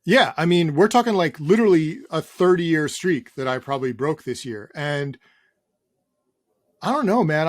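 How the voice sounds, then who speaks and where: A man's voice: fairly high pitch, no echo. Middle-aged male guest, loose and rambling, casual swearing, dry recording. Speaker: guest, sneaker journalist. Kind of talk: casual interview chat.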